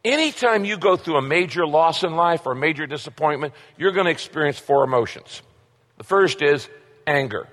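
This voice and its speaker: A man's voice: a little high, lively intonation, a little fast, fairly bright tone. A middle-aged man preaching a sermon as a pastor, emphatic and repetitive, asking rhetorical questions. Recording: long hall reverb.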